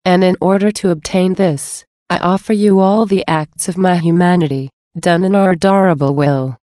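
A gentle, solemn male divine figure speaks tenderly and earnestly, as a woman reads his words aloud. The voice is low and mellow, recorded close and dry. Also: normal speed, no echo, lightly acted. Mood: pleading.

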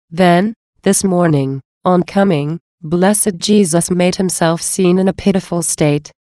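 A woman reading a devotional diary aloud in a slow, earnest, measured way. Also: on the low side, dark tone, dry recording.

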